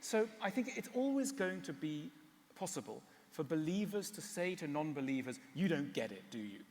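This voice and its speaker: A man giving a public talk and answering questions, wry and animated, often stopping on fillers. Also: a little high, normal speed, in a large hall. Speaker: speaker. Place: large hall.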